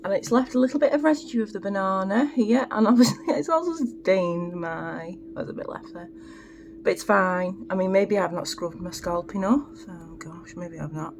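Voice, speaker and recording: A woman's voice: mid-range voice, moderate pace, background noise. A woman chatting casually through her morning skincare routine in a home vlog, rambling with self-deprecating asides. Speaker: beauty vlogger.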